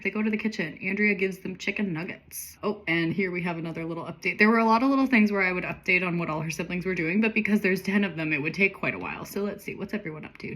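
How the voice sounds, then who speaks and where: A woman's voice: fairly low pitch, pushed and bright, slightly rough. A woman reading her childhood novel aloud with chatty, self-mocking commentary and frequent laughter. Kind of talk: casual read-along commentary.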